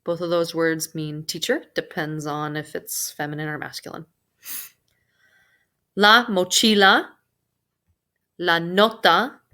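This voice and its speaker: A woman teaching a recorded Spanish vocabulary lesson, pronouncing each word slowly and carefully with casual asides. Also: fairly low pitch, pushed and bright.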